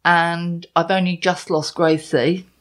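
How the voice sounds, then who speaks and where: A woman's voice: lowish voice, flat delivery, slow pace. A middle-aged woman who hosts a podcast and writes a column, chatting casually with dry, teasing remarks. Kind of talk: casual chat.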